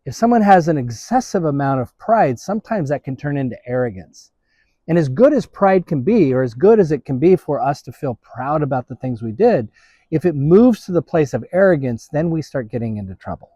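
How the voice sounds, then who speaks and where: A man preaching a sermon as pastor, speaking in a halting way with frequent restarts. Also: on the high side, big pitch swings, mellow, husky, no echo.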